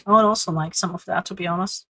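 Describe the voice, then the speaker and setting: A young woman live-streaming a game, chatting bubbly and excitedly with her viewers. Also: fairly low pitch, fast, poor audio. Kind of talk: live-stream gaming chat.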